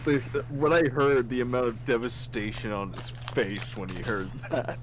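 A man's voice: mid-range voice, steady tone, moderate pace. A man on a casual voice call, telling stories in a loose, rambling way. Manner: storytelling, rambling. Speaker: guest on a voice call. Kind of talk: casual chat.

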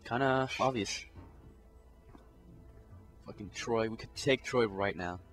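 A man's voice: lowish voice, slow, a bit bright. A man giving casual commentary on a game he is playing, blurting profane reactions. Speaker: gameplay commentator. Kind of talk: casual let's play commentary. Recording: game music behind.

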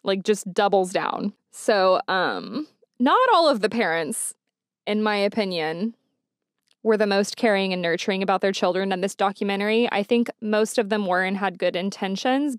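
A woman podcast host recounts a story in a casual, chatty way, full of "like" and indignant asides. Her voice sits in a middle pitch. The sound is close and dry, with no room around it. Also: dry recording. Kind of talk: casual true-crime recap.

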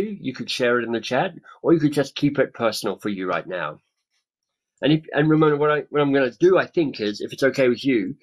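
The audio is poor, but the voice is a medium-pitched man's: a webinar speaker and author in his fifties coaching over a video call via webcam. He's enthusiastic and likes to act out others' reactions.

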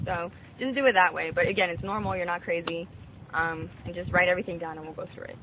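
A man's voice: high-pitched, fairly even intonation, fast talker. A man leading a bible study, talking earnestly and reassuringly with many fillers. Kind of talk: earnest counseling talk. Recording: tinny phone-like audio with loud noise.

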